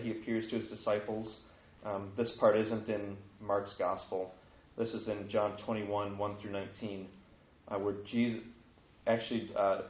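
A man preaching a casual sermon, retelling scripture in a conversational way and acting out the quoted lines. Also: mid-range voice. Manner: conversational, acts out quoted lines with sudden lifts. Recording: echoey, dull lo-fi room sound.

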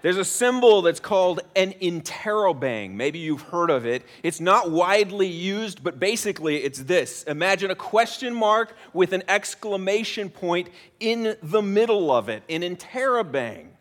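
A man's voice: high-pitched, sing-song, moderate pace, hardly any pauses, a bit bright. A middle-aged American man preaching a sermon in a church, talking conversationally with self-deprecating humor. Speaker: pastor. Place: church sanctuary.

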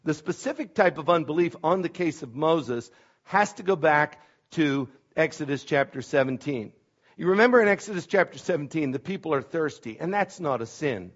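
A pastor delivers a sermon in a church. His voice sits a little high for a man, and he leans hard on key words before dropping into quiet asides. The recording is dull and lo-fi, with the top end cut away. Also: lively intonation, normal speed. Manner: emphatic, swings between loud stresses and quiet asides. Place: church sanctuary. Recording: dull lo-fi sound.

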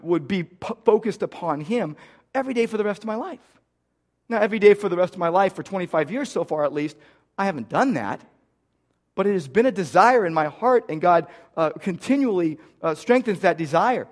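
Man, middle-aged, pastor, sermon, high voice, earnest, repeats phrases for emphasis. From United States.

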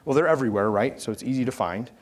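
A male preacher in his thirties delivers a sermon in a mid-pitched voice. He tells his stories with lively swings, rising to loud calls and dropping to near-whispered asides. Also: very fast. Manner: animated storytelling, swings from shouting to hushed. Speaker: pastor.

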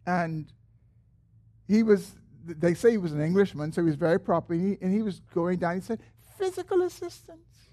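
With a mellow voice, this preacher addresses his flock in earnest; quoted prayers lift his tone, while the tails of his phrases fall low and slow.

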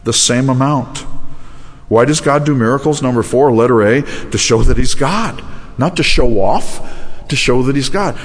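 A man's voice: medium pitch, moderate pace, long reverb tail. A man preaching a sermon as pastor, telling stories with self-deprecating humor and acting out quotes. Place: church sanctuary.

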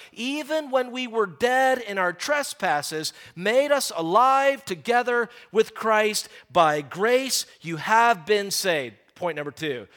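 A middle-aged man with a high-pitched, sharp voice preaches a sermon, slowing down to stress key phrases and often repeating words as he goes.

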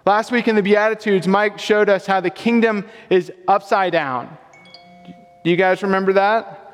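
This young pastor's voice sits high, with fairly even intonation and a normal speaking speed. He preaches in a relaxed, conversational style, joking at his own expense, while a long hall reverb fills the recording.

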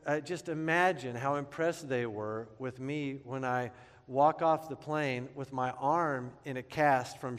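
A man's voice: fairly high pitch, clear, resonant tone. A man in his thirties preaching a sermon, conversational and joking, who breaks into playful character voices while telling stories. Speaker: pastor. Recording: long hall reverb.

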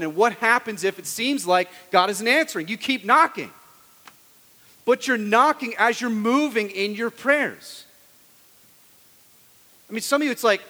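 A man's voice: high-pitched, bright, forceful tone, in a large hall. A man preaching a sermon as a pastor in a conversational style, often asking his listeners "right?".

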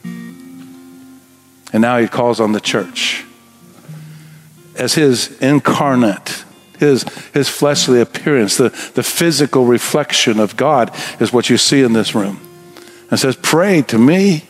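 A man's voice: mid-range voice, takes it slowly, pauses often, faint music behind. A middle-aged man preaching a sermon as pastor in a church sanctuary, earnest and building to emphatic exhortation.

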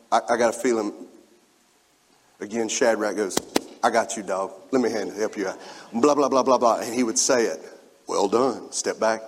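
A male preacher delivers a sermon in a church sanctuary, and his voice rings out with a long hall reverb. He sits at an ordinary middle pitch and swings from forceful exhortation to hushed reading. He keeps turning to the congregation with quick asides. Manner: emphatic, rising and falling in loudness, with spoken asides to the congregation.

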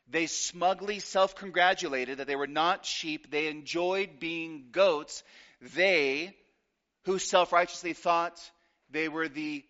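A man preaching a sermon, emphatic, with deliberate pauses and repeated phrases. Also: on the high side, sharp tone, muffled recording. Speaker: pastor.

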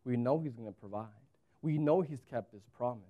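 A man in his thirties, a pastor preaching a sermon with animated storytelling and wide swings in pitch. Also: a little fast, phone-quality sound.

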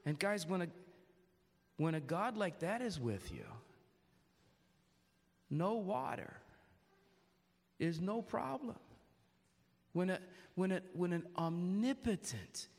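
A man's voice: high voice, animated, slow pace, long pauses, big-room sound. A man preaching a sermon earnestly, asking his congregation questions and restarting his phrases often.

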